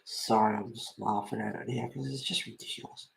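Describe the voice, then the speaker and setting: A man's voice: lowish voice, fairly even intonation, brisk, vocal fry, rough recording. A man chatting casually in rambling anecdotes as he colours and hosts his channel. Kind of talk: casual chat while colouring.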